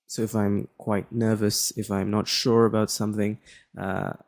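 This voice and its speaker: Gravelly young tutor. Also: male voice, lowish voice, normal speed. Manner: relaxed, repeats "right?" and "uh" often. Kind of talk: casual explanatory lesson.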